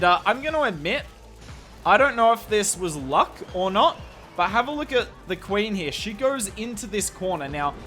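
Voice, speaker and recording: A young Australian man with a high-pitched, bright, forceful voice commentates a game replay for a strategy video. He's chatty and candid, tossing in self-deprecating asides.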